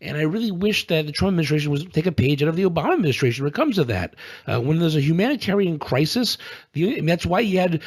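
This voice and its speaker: Man, podcast co-host, exasperated and sarcastic, fairly high voice, lots of ums. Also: expressive, fast talker, breathy edge. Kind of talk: casual political chat.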